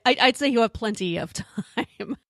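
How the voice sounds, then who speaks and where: Woman, podcast host, short playful questions, fairly high voice, dry sound. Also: expressive, normal speed, no room sound. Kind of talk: casual interview.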